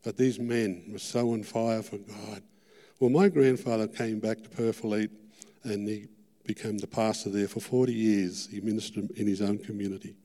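A middle-aged Australian man preaching a sermon testimony, earnest and fervent, repeating his words and rising to loud peaks. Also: fairly low pitch, steady tone, moderate pace. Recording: long hall reverb.

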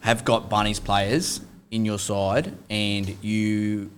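Aussie guy co-hosting, low voice, teasing and chill, bit of hiss behind. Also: steady tone, slow pace. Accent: Australian. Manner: teasing, laid-back, swears casually. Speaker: podcast co-host. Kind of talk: casual chat.

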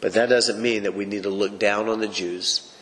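A man's voice: on the low side, fairly even intonation, normal speed, a bit bright. A man teaching the Bible on a podcast, preaching in an emphatic, folksy way. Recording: long reverb.

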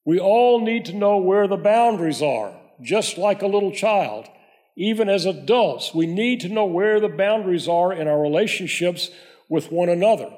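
A man's voice: sits high, lively intonation, a little mellow. Man preaching in a reverberant hall. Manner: measured, conversational preaching with prayer. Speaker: pastor. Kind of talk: sermon.

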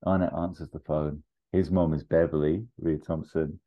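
A man hosting a podcast, pitching a film sequel in a casual, rambling way with lots of fillers. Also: flat delivery, normal speed, highs cut off.

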